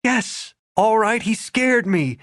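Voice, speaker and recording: A man voicing a tense, proper young woman in an audiobook, indignant and clipped, his voice raised well above its usual pitch. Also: animated, slow, a bit bright, dry recording, studio quality, heavily acted. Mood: defensive. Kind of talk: audiobook character voice.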